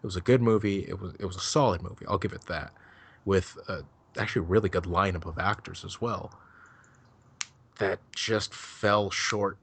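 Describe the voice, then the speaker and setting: A man's voice: sits low, moderate pace, fairly bright tone, husky. A man chatting casually on a podcast, rambling loosely and swearing freely as he gives his take on a film. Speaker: podcast co-host. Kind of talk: casual chat.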